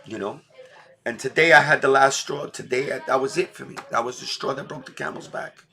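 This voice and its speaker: Middle-aged New man, bright forceful voice, blunt slangy livestream talk. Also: mid-range voice, steady tone, fairly quick, creaky. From New York. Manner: blunt, repetitive street slang. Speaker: livestream host. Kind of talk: emotional casual livestream talk.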